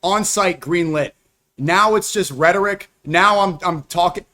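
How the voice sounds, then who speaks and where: Young man, high voice, live streamer, heated reaction commentary, combative, accusatory. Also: pushed and bright. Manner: combative, accusatory, rapid-fire rebuttals.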